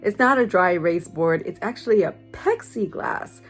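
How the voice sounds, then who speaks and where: A woman vlogger talking casually through a craft haul, gushing and excitable, and she keeps calling her viewers friends. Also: fairly low pitch, moderate pace, faint music behind.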